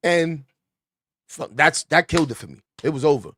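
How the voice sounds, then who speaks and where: A man with a New York accent, hosting a casual podcast and telling a story in an animated way. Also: fairly high pitch, moderate pace. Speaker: podcast host.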